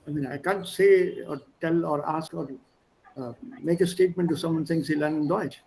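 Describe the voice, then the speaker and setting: High-voiced man teaching German. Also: normal speed, vocal fry, a little mellow, a little hiss or hum, low-quality recording. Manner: explanatory, mixes English, German and Hindi. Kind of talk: online language lesson. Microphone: video call.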